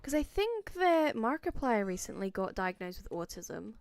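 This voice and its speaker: Playful, giggly woman streamer with a bouncy, expressive voice. Casual gameplay chat with viewers. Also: a little high, moderate pace. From Wales. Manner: playful and giggly, chatting to viewers and talking to game items.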